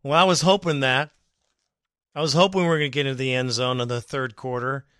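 A man's voice: medium pitch, fairly even intonation, brisk, fairly bright tone, no room sound, studio quality, faint music behind. A man hosting a fan podcast, ranting emphatically and with exasperation about his team's coaching. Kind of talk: ranting sports commentary.

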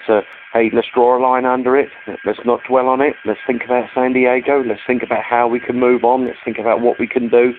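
Man on a noisy phone line. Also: mid-range voice. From London, England. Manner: measured, rallying. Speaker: caller. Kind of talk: voicemail to a podcast. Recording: tinny phone line with clear noise.

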